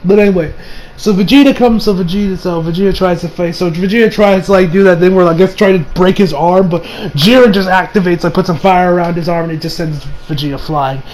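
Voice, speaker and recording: A man with a fairly high voice talks through an anime episode in loose, casual commentary. He rambles, swears freely and breaks into loud laughter when he gets hyped. A faint hum sits under the recording. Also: quick pace, poor audio. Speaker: anime reviewer.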